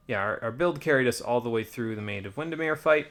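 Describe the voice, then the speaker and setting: A man's voice: medium pitch, fast talker, few pauses, fairly bright tone. A man giving casual, rambling commentary while playing a video game, with wry muttered asides. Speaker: let's play streamer.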